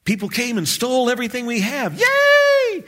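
A man's voice: wildly swooping pitch, normal speed, pushed and bright, heavily acted. A man squealing as a sarcastically overjoyed sufferer. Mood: mock glee. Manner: shrill, sarcastic squeals of delight. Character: mock-cheerful man celebrating his own misfortunes.

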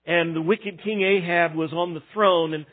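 A man delivers a sermon from the pulpit, his voice pitched a bit high for a man. He rises to loud, emphatic peaks and then falls to quiet, hushed stretches. The sound is thin and tinny, like a phone line. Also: steady tone, normal speed. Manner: dynamic preaching, swings from loud to hushed. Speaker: pastor.

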